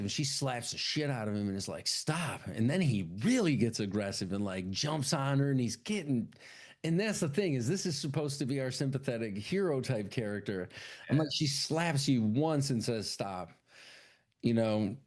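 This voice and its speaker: A man co-hosting a podcast, talking through a horror film in loose, profane chat. His voice sits at a middling pitch. Now and then he acts out the characters in quick, high put-on voices. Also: animated, a little mellow. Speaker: podcast co-host. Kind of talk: casual chat recapping a film.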